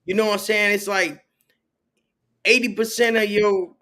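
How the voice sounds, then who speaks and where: Slangy storytelling man, fairly high voice. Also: steady tone, normal speed, sharp tone. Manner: storytelling, acts out quoted voices, loose slang. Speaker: podcast guest, author. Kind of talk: casual conversation.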